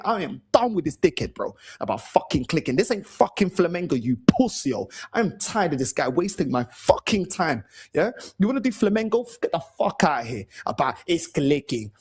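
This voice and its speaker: A man's voice: on the high side, sing-song, moderate pace, hardly any pauses, a little mellow, breathy edge. A man hosting a fan channel, ranting furiously about his team, swearing and repeating himself. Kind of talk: angry fan rant to camera.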